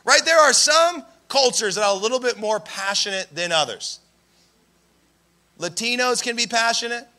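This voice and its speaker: High bright-voiced young male preacher. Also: normal speed. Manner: animated storytelling, raises his voice for emphasis. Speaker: pastor. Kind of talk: sermon.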